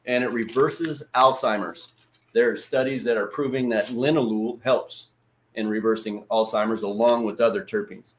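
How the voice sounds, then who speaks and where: A man hosting a casual livestream lesson. He talks in a loose, chatty way, swears freely and greets viewers by name. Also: on the low side. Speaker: livestream host.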